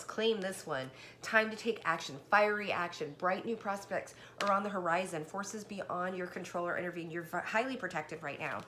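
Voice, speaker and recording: A woman giving a casual tarot reading, chatty and excited, talking straight to the viewer and a little out of breath. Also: lowish voice, moderate pace, hardly any pauses, a little hiss or hum. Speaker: tarot card reader.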